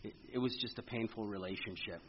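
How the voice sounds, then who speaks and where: Middle-aged man, recovery meeting testimony, halting and earnest, muffled lo-fi sound, faint room ambience. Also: on the low side, a little hiss or hum. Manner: halting, earnest, with frequent restarts. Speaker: speaker sharing at a recovery meeting.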